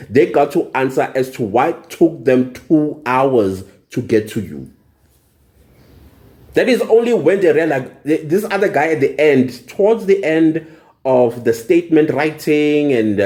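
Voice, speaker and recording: Young male vlogger, fed-up, emphatic, repetitive rant; mellow, dark tone, mid pitch. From South Africa. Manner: indignant, emphatic, repeats phrases for emphasis. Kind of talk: angry personal vlog rant.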